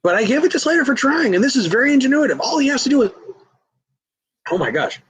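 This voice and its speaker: A man co-hosting a casual fantasy-booking chat, halting and playful, acting out scenes as he talks. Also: extremely high pitch, sing-song, husky, no room sound, low-quality recording. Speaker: co-host.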